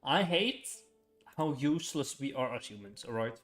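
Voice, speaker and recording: A man's voice: mid-range voice, lively intonation, normal speed, a bit bright, soft background music. A young man chatting casually on a gaming livestream, rambling with frequent chuckles and filler words.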